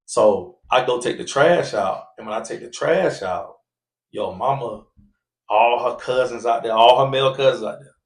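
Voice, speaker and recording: Podcast storyteller, man, mid-pitched, animated, does loud voices for the people in his story, echoey room. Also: normal speed. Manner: animated, acts out quoted voices loudly.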